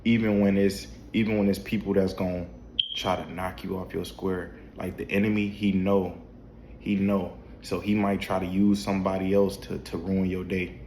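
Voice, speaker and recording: Deep-voiced man preaching to camera. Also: little pitch movement, moderate pace, a little mellow, echoey room, slight background noise. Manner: repetitive, preachy, with restarts and rhetorical questions. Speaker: faith vlogger. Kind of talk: casual spiritual talk to camera. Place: home at night, dim room.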